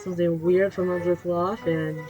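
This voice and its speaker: A woman reading a spooky children's storybook aloud, animated, teasing her young viewers between pages. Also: on the low side, brisk, lo-fi sound. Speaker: channel host reading aloud. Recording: music playing behind.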